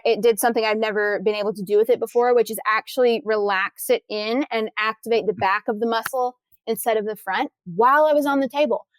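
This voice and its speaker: A woman's voice: on the high side, dry recording. A woman talking as a podcast guest, telling stories with enthusiasm and frequent restarts. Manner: enthusiastic, animated storytelling with many restarts. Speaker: guest, corrective exercise trainer. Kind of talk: casual podcast interview.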